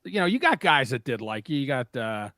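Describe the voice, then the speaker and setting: A man's voice: medium pitch, sing-song, fairly quick, sharp tone. A man co-hosting a radio show, telling sports stories and teasing the host. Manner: storytelling, teasing. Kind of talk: casual radio banter.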